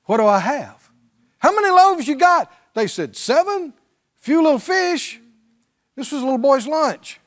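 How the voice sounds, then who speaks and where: A man's voice: very high-pitched, very animated, measured pace, fairly bright tone. A male pastor preaching a sermon, drawing on the congregation and mimicking pleading prayers.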